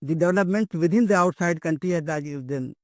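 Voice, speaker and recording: A man's voice: on the high side, quick pace, a little mellow, no room sound. An older man giving an academic lecture, hesitant, with many fillers and repeated words.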